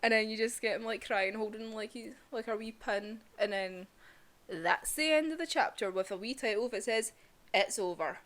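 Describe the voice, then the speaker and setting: Excitable young woman reviewing. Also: on the high side, moderate pace. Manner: gushing, excitable, filler-heavy. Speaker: manga reviewer. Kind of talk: casual chapter review.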